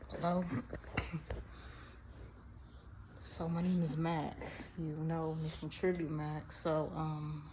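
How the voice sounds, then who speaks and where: A woman speaking weakly and haltingly, struggling as if choking. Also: low-pitched, little pitch movement, warm tone, slight background noise, rough recording. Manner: halting, unsure what to say. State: choking, weak.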